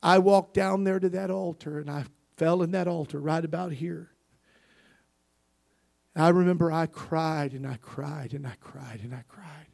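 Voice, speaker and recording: A male preacher giving a sermon and personal testimony, peppering it with amens as he moves from soft, tearful recollection to loud, emphatic preaching. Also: a little high, a little slow, gravelly. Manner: punctuates with frequent "amen".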